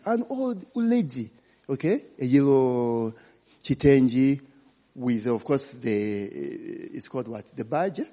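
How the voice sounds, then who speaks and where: Man, chatty sermon, mellow husky voice, long hall echo. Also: medium pitch. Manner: chatty, frequent "eh?" and "okay?" check-ins. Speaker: pastor. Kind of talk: informal sermon.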